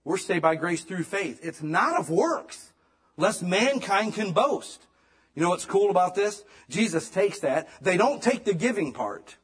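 A man giving a sermon in a casual, conversational way, swinging between emphatic loud lines and hushed ones. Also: sits high, big pitch swings, a little slow, breathy edge. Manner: casual, conversational preaching with slang. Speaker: pastor.

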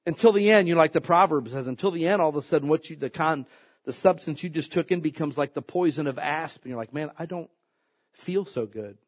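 A man's voice: on the high side, brisk. A man preaching a sermon in a folksy, joking way, acting out quotes as he tells stories. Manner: folksy, joking, animated storytelling with acted quotes. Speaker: pastor.

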